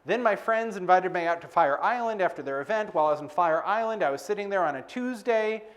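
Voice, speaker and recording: Man, high-pitched, live motivational talk, casual storytelling, chatty host. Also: lively intonation, fast, fairly bright tone. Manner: chatty storytelling, frequent "like" and "right?". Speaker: business coach speaker.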